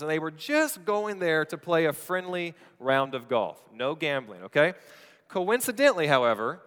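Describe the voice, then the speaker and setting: Pastor, male, clear resonant voice, slightly high, joking storyteller at the pulpit, church reverb. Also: fairly bright tone. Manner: playful storytelling, quick asides to the congregation. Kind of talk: sermon. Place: church sanctuary.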